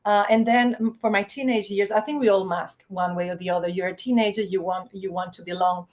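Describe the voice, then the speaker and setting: A woman's voice: medium pitch, fairly even intonation, a little fast. A woman from the Canary Islands, a guest in a casual interview, speaking reflectively with frequent restarts. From Canary Islands, Spain. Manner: reflective, many restarts and reported dialogue.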